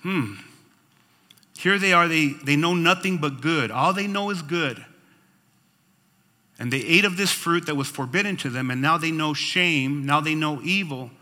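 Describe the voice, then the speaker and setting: A male pastor delivers an expressive sermon, his high, piercing voice carrying a long reverb through a church hall. He reads scripture and stops to comment, often turning to the congregation with "right?" and "Amen?". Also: a little slow. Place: church sanctuary.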